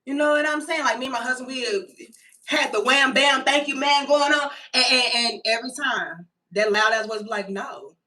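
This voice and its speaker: A woman's voice: sits high, a little fast, sharp tone, far from the mic. A woman in her thirties, chatting casually and profanely straight to her viewers while she tells a personal story. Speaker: vlogger.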